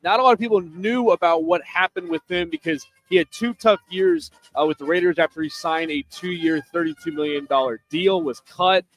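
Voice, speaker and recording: A man co-hosting sports radio, telling a sports news story in a steady, earnest way. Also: fairly high pitch, moderate pace, hardly any pauses, rough recording. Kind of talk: reading sports news segment.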